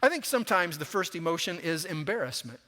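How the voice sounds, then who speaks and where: Bright-voiced preacher in a reverberant church. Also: male voice, fairly high pitch, very animated, fast. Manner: conversational, acts out quoted voices. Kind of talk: sermon. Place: church sanctuary.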